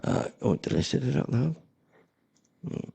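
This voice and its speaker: Gravelly, husky man chatting bluntly. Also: mid-range voice, sing-song, measured pace, dark tone. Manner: blunt, sarcastic, rambling. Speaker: host. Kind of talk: casual chat.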